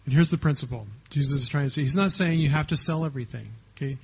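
A man's voice: a little high, quick pace, slightly rough. A man preaching a sermon as pastor, talking conversationally and often checking in with the congregation, on a dull lo-fi recording.

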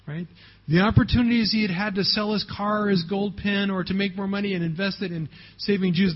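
High-pitched and slightly rough, this man's voice delivers a sermon as pastor. His style is conversational, with frequent check-ins with the congregation, captured on a dull lo-fi recording.

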